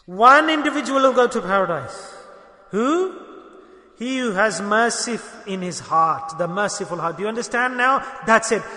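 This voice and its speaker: A man preaching a sermon with emphatic repetition, swinging between loud declarations and hushed lines. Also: sits high, animated, normal speed. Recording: echoey hall with long reverb.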